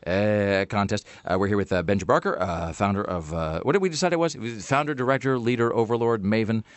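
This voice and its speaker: A man's voice: fairly low pitch, quick pace, no echo. A man hosting a radio talk show, chatting and joking with many fillers and restarts into a close studio mic.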